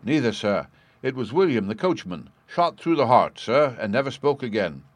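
A man voicing a flustered manservant who blurts out news in a hurried, deferential way, in an audiobook reading. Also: medium pitch, very animated, dry recording. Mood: agitated. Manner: gasping, hurried, respectful.

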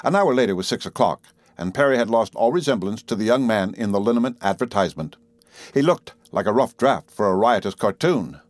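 A man reading a story aloud as an audiobook narrator, giving the characters lively voices of their own. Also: fairly low pitch, a little fast, dry recording. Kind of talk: scripted narration with acted dialogue.

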